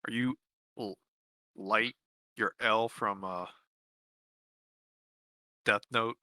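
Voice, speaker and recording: Man, casual streamer chat, bright clear tone, dry close mic, easygoing. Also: lowish voice, fairly even intonation, very slow, no room sound, rough recording. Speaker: tabletop game player.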